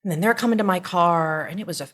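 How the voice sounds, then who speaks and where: A middle-aged woman, a podcast co-host and mother, casually retelling a story in a rambling, animated way. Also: fairly low pitch, fast.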